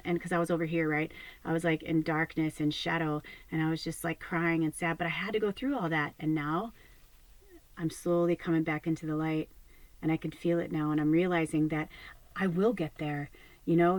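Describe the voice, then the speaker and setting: Woman medium host; rambling, candid, profane chat with laughs; lowish voice, dry close sound. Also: dry recording, rough recording. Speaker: spiritual medium, channel host. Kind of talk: casual talk to viewers.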